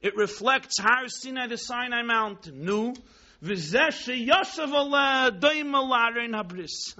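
Man, storytelling sermon, dramatic hush and exclaim, piercing bright tone, muffled recording. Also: extremely high pitch, lively intonation, unhurried. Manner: dramatic, swings from hushed to exclaiming; sprinkles Hebrew and Yiddish terms. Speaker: rabbi teaching Chassidus. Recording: dull lo-fi recording.

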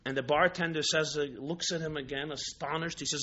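A man teaching a religious class with lively, emphatic storytelling and rhetorical repetition. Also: on the high side, quick pace, hardly any pauses, breathy edge. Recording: dull lo-fi recording.

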